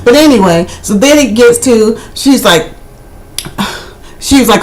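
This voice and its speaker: A woman's voice: on the high side, lively intonation, takes it slowly, long pauses, low-quality recording. Indignant woman recapping reality TV. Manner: indignant, gossipy, repeats "I mean". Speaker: video reviewer.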